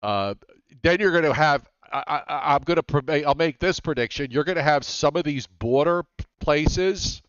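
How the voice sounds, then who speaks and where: A man hosting a weather show, talking in a halting way with frequent restarts in casual chat. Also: a little high, a bit bright, clean tone, dry recording. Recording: dull lo-fi dry sound.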